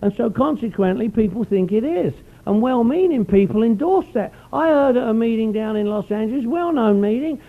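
A man's voice: high voice, narrow, tinny audio. A middle-aged man speaking at a recovery meeting, telling his story in a rambling, folksy way. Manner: rambling, folksy, peppers speech with "you know". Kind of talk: personal storytelling talk.

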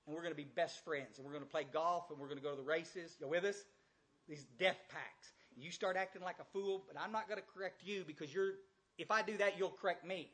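A man's voice: fairly high pitch, a little fast, fairly bright tone. An older man giving a folksy, blunt recovery talk to a large audience, often repeating himself and asking the room direct questions. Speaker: recovery speaker. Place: large room with a few hundred listeners.

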